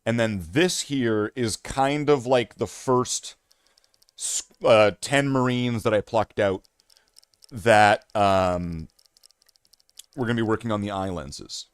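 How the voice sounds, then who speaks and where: A man's voice: fairly low pitch, slow, smooth, dry recording, clean studio sound. A man chatting casually on a hobby live stream, rambling and joking at himself with many fillers and restarts. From Canada.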